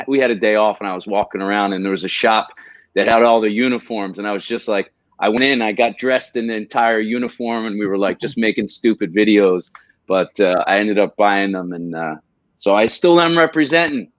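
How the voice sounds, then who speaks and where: A man's voice: on the low side, normal speed, dry recording, highs cut off. A man chatting as a podcast guest, eagerly telling rambling stories. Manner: enthusiastic, rambling storyteller. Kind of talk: casual chat.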